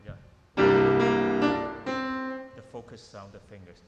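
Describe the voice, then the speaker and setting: A man leads a piano masterclass with loose, encouraging coaching and often repeats his words. His voice rings in a large hall with a long, roomy echo, and piano playing is heard clearly behind him. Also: lowish voice, fairly even intonation, slow pace. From Malaysia. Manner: informal coaching, repeating words, non-native phrasing. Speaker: piano teacher giving a workshop. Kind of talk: masterclass teaching.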